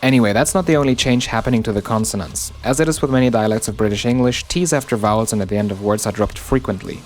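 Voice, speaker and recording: A man with a fairly low voice narrates a scripted language lesson. He explains patiently and stretches out each example word so it can be heard clearly. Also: darkish tone, faint music behind. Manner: explanatory, slows down to spell out example words. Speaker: linguistics video narrator.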